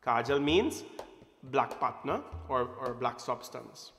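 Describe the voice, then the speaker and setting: A man's voice: mid-range voice, animated, slow, a bit bright, slight background noise. A man giving an informal, playful talk at a temple satsang, often quizzing his audience. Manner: playful, asks the audience questions. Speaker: temple speaker. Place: temple hall. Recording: roomy hall echo.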